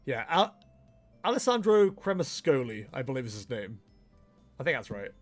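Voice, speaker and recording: A man's voice: mid-range voice, sing-song, moderate pace, faint music behind. A young man chatting casually on a livestream while he plays, laughing often and poking fun at himself. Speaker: streamer.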